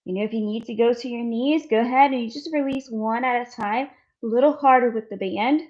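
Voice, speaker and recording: A woman's voice: fairly high pitch, a little fast, darkish tone, dull audio. A woman fitness instructor coaching a follow-along core workout, counting reps, encouraging and a little out of breath. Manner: encouraging, counts reps aloud, demonstrates while talking.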